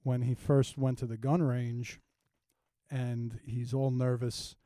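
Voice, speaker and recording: Dark-voiced man, laughing podcast co-host. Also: medium pitch, level tone, takes it slowly, no room sound. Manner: laughs often, recaps scenes with mock voices. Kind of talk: casual comedic chat.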